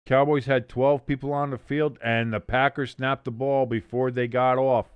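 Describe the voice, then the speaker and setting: A man hosting a live watch-along stream, calling plays casually, reading out chat and cracking jokes with loud excited bursts and swearing. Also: mid-range voice, normal speed, smooth, no room sound, lo-fi sound. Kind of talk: casual play-by-play commentary.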